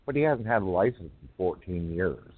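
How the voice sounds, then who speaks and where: Rambling deep-voiced man on a phone line. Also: sing-song. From North Carolina. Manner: rambling, halting with many fillers. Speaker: poetry radio show host. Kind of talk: casual call-in chat.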